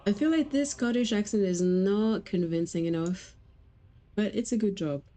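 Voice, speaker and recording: A woman's voice: medium pitch, moderate pace, mellow, poor audio. A woman streaming a game, chatting casually and telling rambling stories with frequent laughs. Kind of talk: casual gameplay chat.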